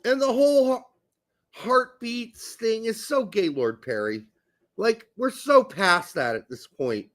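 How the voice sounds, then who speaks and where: A male soccer podcast co-host takes it slowly in a high-pitched, sing-song, slightly bright voice while ranting crudely and sarcastically. The heated, casual tirade includes mock-emotional asides.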